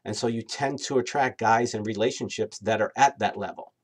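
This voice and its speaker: A man giving dating advice straight to camera, lively and acting out quoted inner voices. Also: fairly low pitch, brisk. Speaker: dating coach. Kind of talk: direct-to-camera advice talk.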